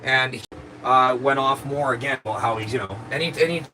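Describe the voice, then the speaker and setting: A man talks casually to his stream audience. His voice sits in an ordinary middle pitch. He rambles, swears freely and sounds wronged. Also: fairly quick, bright, forceful tone, a little hiss or hum, rough recording. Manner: profane, rambling, aggrieved. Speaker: live streamer. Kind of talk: casual storytelling to viewers.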